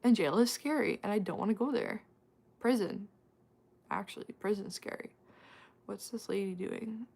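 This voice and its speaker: A woman hosting a casual livestream, chatting with her viewers, laughing often and tossing out quick asides. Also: medium pitch, creaky, a little mellow, breathy edge. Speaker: livestream host answering chat.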